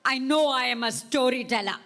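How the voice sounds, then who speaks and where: A middle-aged woman with an Indian English accent, a storyteller giving a speech at a school event and drawing the crowd into call-and-response. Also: sits high. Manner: slow, animated, coaxing the crowd. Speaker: storyteller and guest speaker.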